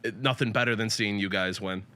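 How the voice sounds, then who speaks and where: A man in a casual show chat, upbeat and enthusiastic, giving shout-outs to viewers. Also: fairly low pitch, brisk, clear, resonant tone. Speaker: co-host.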